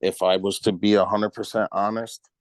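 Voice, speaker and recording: A husband in a counseling session talks about himself candidly and a little hesitantly. His voice is very low and stays flat. It is recorded close and dry. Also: moderate pace, no room sound.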